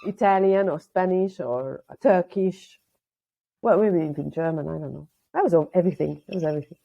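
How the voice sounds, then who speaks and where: A woman who is not a native English speaker, chatting as a guest and telling stories with animated quotes. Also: lowish voice, fairly quick, gravelly, highs cut off. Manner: lively storyteller, acts out quotes. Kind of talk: casual conversation on a video call.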